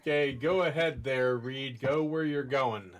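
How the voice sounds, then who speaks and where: A man's voice: mid-range voice, measured pace. A man narrating as game master in a casual, patient way, with loose fillers as he explains where the players are going.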